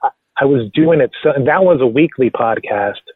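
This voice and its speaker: A man answering interview questions about making his audio series, relaxed and rambling with many fillers. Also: medium pitch, a little fast, crowd noise. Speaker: podcast creator and voice actor. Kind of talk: casual interview talk. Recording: tinny phone-like line, dry.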